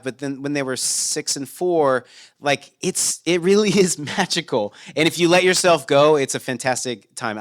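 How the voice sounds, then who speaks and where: A man's voice: a little high, fairly bright tone. Rambling, reflective man on a podcast. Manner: reflective and rambling, many restarts. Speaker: podcast co-host. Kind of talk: casual podcast chat.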